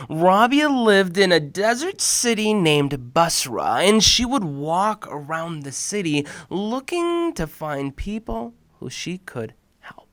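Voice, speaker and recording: A man hosts a children's story hour with theatrical flair. He drops to whispers, then rises to loud calls, recorded close and dry with no room sound. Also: high-pitched, big pitch swings, slow, hardly any pauses, dry recording. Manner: dramatic, swings between whispers and loud cries. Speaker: host and storyteller.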